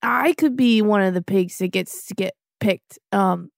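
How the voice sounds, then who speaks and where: A woman's voice: mid-range voice, a little slow, gravelly, no room sound, studio quality. A woman voicing a timid young boy pig who stammers and hesitates, in improvised comedy role-play. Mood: hesitant. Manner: hesitant and stammering, full of ums.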